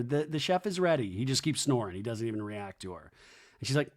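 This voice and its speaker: A man's voice: expressive, a little fast. A man hosting a podcast, casually recapping a reality show and mocking its cast in exaggerated voices. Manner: chatty, mimics cast members in high mocking voices. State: hiccups. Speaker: podcast host.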